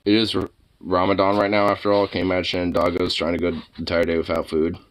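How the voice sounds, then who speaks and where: A man's voice: low-pitched, monotone, fast talker, a little hiss or hum. A man chatting casually to his dog, rambling, swearing freely and slipping into baby talk. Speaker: dog owner vlogger.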